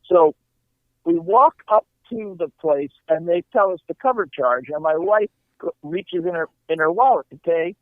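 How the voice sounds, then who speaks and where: A man's voice: a little high, expressive, normal speed, dry recording. A middle-aged man, a comedian guest, telling stories casually and acting out quoted lines with animation. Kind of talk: casual storytelling. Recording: tinny phone-like line.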